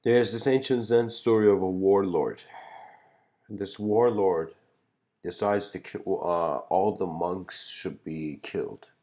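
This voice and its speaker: A man's voice: low voice, slow pace, dark tone. A man giving a casual philosophical lecture. He rambles and tells stories, with lots of "like" and "you know.". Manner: rambling, filler-heavy, storytelling.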